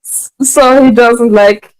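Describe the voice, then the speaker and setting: A woman's voice: a little high, fairly even intonation, takes it slowly, darkish tone, low-quality recording. A woman playing a tabletop role-playing game, describing her character hesitantly with many restarts. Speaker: player. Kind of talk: tabletop role-play chat.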